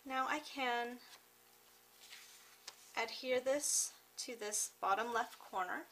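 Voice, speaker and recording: A woman hosting a card-making tutorial, talking through each step in a chatty, unhurried way with small fillers and self-corrections. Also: a little high, sharp tone, slight background noise, low-quality recording. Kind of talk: step-by-step craft tutorial narration.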